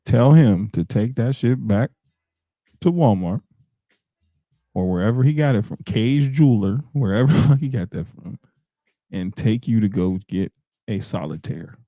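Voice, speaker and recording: A man's voice: fairly low pitch, normal speed, long pauses, no echo. A man in his forties co-hosting a podcast, talking bluntly in casual chat. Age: 40s. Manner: blunt, animated, laughing and ranting. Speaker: podcast co-host.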